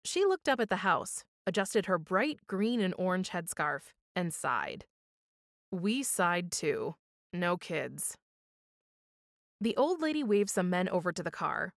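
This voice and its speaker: A woman reading a children's story aloud for storytime, with expressive, measured storytelling. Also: on the low side, dry recording, clean studio sound. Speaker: storytime reader.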